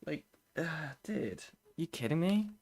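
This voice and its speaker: A man's voice: fairly high pitch, very animated, a little slow, warm tone. Exasperated swearing male streamer. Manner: blunt, swears often, exasperated asides, laughs. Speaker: commentary streamer. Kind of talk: casual reaction commentary.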